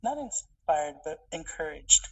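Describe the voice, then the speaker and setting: A podcast guest in casual interview chat, speaking softly and hesitantly with many fillers. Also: mid-range voice, sing-song, unhurried, no echo. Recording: dry, distant mic.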